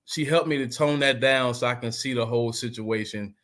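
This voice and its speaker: A man in the middle of the male range talks as a podcast guest over a video call. His speech is animated and emphatic, and it rambles along with lots of "you know" between the points. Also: mid-range voice, a little fast. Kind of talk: casual conversation.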